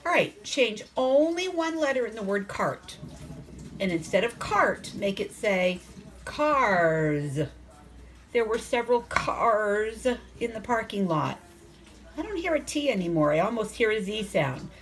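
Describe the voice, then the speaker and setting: A woman teaching a phonics lesson to young children, sounding out letters slowly and asking the class coaxing questions. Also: fairly high pitch, expressive. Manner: slow, sounds out letters and words.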